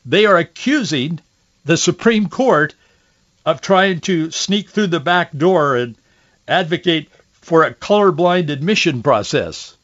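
A man's voice: fairly high pitch, lively intonation, measured pace, a bit bright. A man hosting a political talk show, giving indignant, sarcastic commentary, often restarting his sentences. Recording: dull lo-fi audio.

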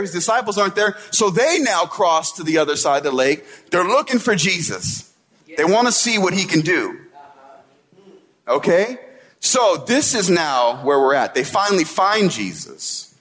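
A man's voice: high voice, sing-song, normal speed, fairly bright tone. A man preaching a sermon in a casual, conversational way, often checking in with his listeners. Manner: conversational preaching, tag questions like "right?". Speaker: pastor.

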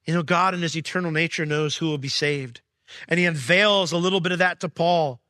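A man preaching a sermon as pastor, reading scripture and paraphrasing it in casual slang, swinging from excited peaks to low, quiet stretches. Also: fairly quick, no echo, studio quality. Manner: emphatic, rising to excited peaks then dropping low.

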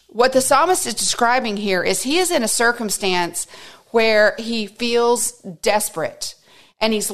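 A woman hosting a devotional podcast, teaching through a psalm in an earnest, conversational way and asking listeners direct questions. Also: fairly low pitch. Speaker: podcast host teaching scripture.

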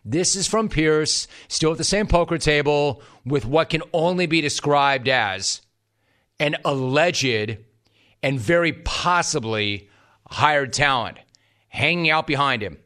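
A man's voice: on the high side, animated, slow pace, pushed and bright. A man delivering scripted sports commentary in a wry, mocking way.

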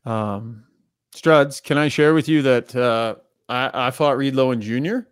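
A man's voice: mid-range voice, measured pace, clean tone, no room sound, studio quality. A man hosting a sports radio show, setting up clips and tossing to his co-hosts in casual talk. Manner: leads the segment, sets up clips. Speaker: radio host.

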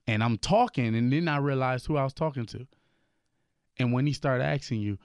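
Radio guest: a man telling his testimony with feeling; mid pitch, dry booth sound. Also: normal speed, dry recording. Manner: earnest storytelling, acts out voices in his story. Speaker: guest, gospel hip-hop artist. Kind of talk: radio interview, personal testimony. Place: radio studio.

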